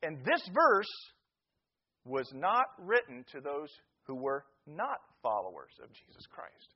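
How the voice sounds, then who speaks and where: A man's voice: a little high, wildly swooping pitch, slow, slightly rough, muffled recording. A middle-aged male pastor from the American Midwest, giving a joking, folksy sermon to a live congregation. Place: church sanctuary.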